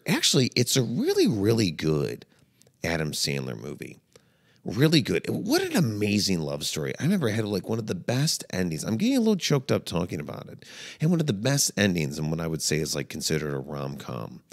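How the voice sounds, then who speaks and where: A man hosts a comedy podcast, giving a playful, mock-dramatic monologue. His voice swings between low mutters and high exclaims.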